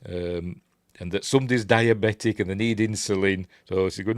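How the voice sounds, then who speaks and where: A man's voice: deep voice, moderate pace, no room sound. A man with a Yorkshire accent giving a casual, rambling film commentary, chatty and self-deprecating, muttering asides to himself. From Yorkshire, England. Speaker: film reviewer.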